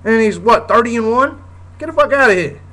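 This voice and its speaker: A man's voice: extremely high pitch, expressive, a little fast, bright, forceful tone, poor audio. A man hosting his own show, delivering a heated, profane rant in a blunt, repetitive way. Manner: heated, blunt, swears often, repeats "you know what I'm saying". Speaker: show host. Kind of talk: profane ranting commentary.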